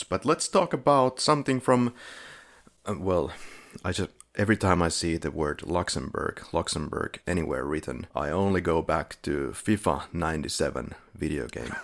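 A man's voice: low voice, vocal fry. A man co-hosting a podcast, reviewing short films in casual chat with dry sarcasm and frequent chuckles. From Finland. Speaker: podcast co-host.

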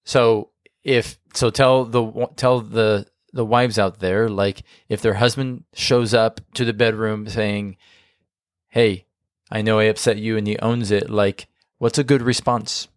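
A man co-hosting a marriage podcast, giving casual advice in an animated, emphatic way and often restarting his sentences. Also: on the low side, unhurried, no room sound, studio quality.

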